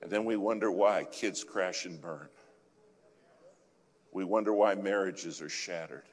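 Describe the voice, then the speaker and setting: A man giving a sermon as a guest speaker, telling a dramatic story, swinging from loud urging to a hushed whisper. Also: deep voice, a little slow, slightly rough. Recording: long hall reverb with faint music.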